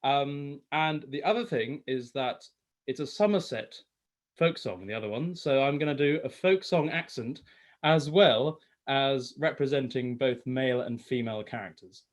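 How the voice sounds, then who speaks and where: A man's voice: medium pitch, moderate pace. A male singer casually introducing a song from home, rambling with lots of fillers and self-corrections. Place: home, lockdown online concert.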